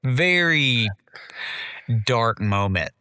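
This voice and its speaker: A man's voice: mid-range voice, expressive, extremely slow, pushed and bright, clear, resonant tone, no room sound, studio quality. A man co-hosting a podcast, reviewing a film in loose casual chat and saying "dude" and "like" a lot. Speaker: podcast co-host.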